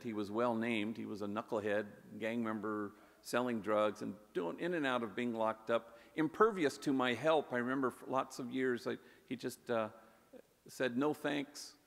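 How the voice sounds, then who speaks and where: A man, a priest, telling stories in a warm conversational way in a public talk, sprinkling in Spanish words. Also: mid-range voice, vocal fry. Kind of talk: storytelling speech. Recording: echoey hall with long reverb.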